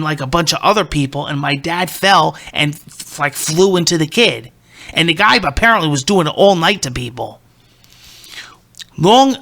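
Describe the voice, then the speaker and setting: A man in his thirties hosting a podcast, telling a concert story in a profane, excitable, rambling way. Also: a little high, vocal fry. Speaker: podcast host. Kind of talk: casual storytelling.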